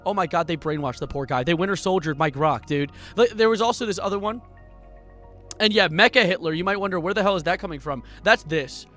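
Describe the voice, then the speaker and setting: A man streaming live, commenting on posts with jokes, frequent laughter and loud incredulous outbursts. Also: high voice, brisk, faint music behind.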